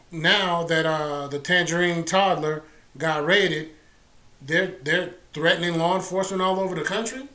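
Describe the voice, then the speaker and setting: A man's voice: on the high side, sharp tone. A man hosting a casual political talk stream, sarcastic and loose, with many fillers.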